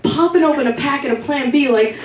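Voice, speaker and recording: A woman's voice: high voice, brisk. A woman performing a stand-up comedy set on a live show stage, telling a brash, profane story. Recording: echoey, distant live-show recording, loud crowd. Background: audience laughter.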